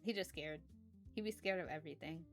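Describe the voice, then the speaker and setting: A woman's voice: low-pitched, fairly quick, soft background music. A woman streamer in casual chat, rambling from topic to topic and thanking her chat viewers.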